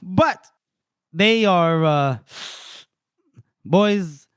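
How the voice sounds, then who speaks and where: A man's voice: high-pitched, expressive, clear, resonant tone, dry recording, studio quality. Laughing man recapping a novel. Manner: retells scenes with quick put-on voices, laughs often. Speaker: podcast co-host. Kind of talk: casual book-club recap.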